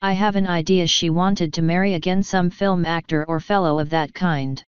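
A woman's voice: on the low side, fairly even intonation, normal speed, clean tone, no room sound, natural voice. Woman reading as a cold, sneering aristocratic lord. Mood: disdainful. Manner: curt, dry, disdainful. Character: cold sneering aristocratic English lord, middle-aged man. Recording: dull dry recording.

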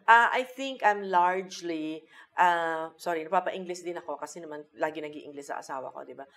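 Mixing Tagalog with English, this comedian spins lively stories while being interviewed in a casual conversation. She has a low-pitched voice and a brisk delivery.

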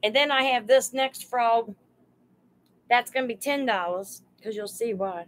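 A woman's voice: fairly high pitch, a little slow, poor audio. A woman hosting a live sale stream, chatting homily and greeting viewers by name as she prices items. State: overheated.

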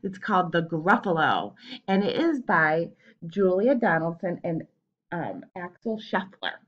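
A woman teacher talking to her young students on video, encouraging and animated. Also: on the low side, measured pace, highs cut off. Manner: encouraging, animated classroom talk. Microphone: home camera.

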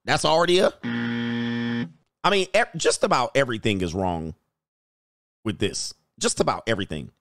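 A man hosting a dating commentary show, telling a story bluntly and jumping up in pitch when he quotes himself. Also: fairly bright tone, no room sound, clean studio sound. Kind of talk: casual commentary reacting to clips.

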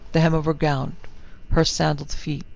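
A man narrating a scripted horror story in a measured, somber, literary manner. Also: a little high, completely flat delivery, creaky, lo-fi sound, soft background music.

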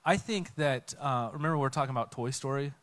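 A man giving a conversational sermon talk on a church stage, telling a story with lively acted-out quotes. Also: medium pitch, fast talker. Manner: animated storytelling, acts out quotes. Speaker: guest speaker.

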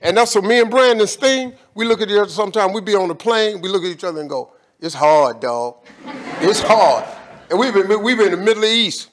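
A man's voice: high voice, quick pace, few pauses, a bit bright. A man speaking as a guest in an on-stage conversation, talking in an emphatic, colloquial way with preacher-like repetition.

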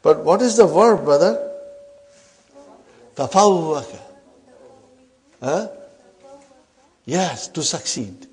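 Leading an Arabic grammar lesson, he questions students constantly, tosses in a brisk "huh?" to prompt them, and refers to them as brothers and sisters. The voice is high-leaning and slightly mellow, with animated intonation.

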